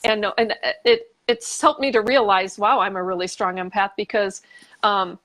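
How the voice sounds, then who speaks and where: Animated American woman, podcast guest. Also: mid-range voice, normal speed. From United States. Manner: animated, acts out her own reactions, frequent restarts; laughs while talking. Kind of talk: casual conversation.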